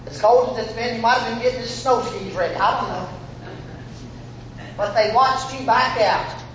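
A man preaching a fervent sermon, shouting out lines and acting out Bible figures in a folksy way. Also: very high-pitched, moderate pace, slight background noise. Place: church sanctuary. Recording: echoey room, muffled.

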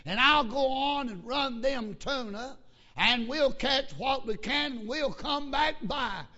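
A preacher voicing an old fisherman grandfather who speaks softly and plainly in a sermon story. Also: very high-pitched, slow, heavily acted. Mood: calm, reassuring. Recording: lo-fi sermon recording.

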